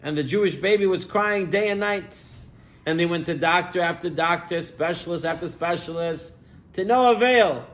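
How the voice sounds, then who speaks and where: High-voiced rabbi telling a story. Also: male voice, normal speed. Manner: animated storyteller, voice rising and falling with the tale. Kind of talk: sermon storytelling.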